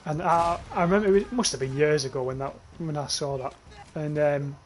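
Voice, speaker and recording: A young man gives casual commentary while streaming a shooter game, swearing and rambling as he reads chat aloud and laughs at the messages. He has a fairly high voice and talks fairly quickly, with slight background noise.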